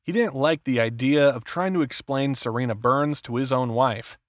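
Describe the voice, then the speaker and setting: Male narrator, measured thriller reading, medium pitch, dead-dry recording. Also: no echo. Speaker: audiobook narrator. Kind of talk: scripted narration.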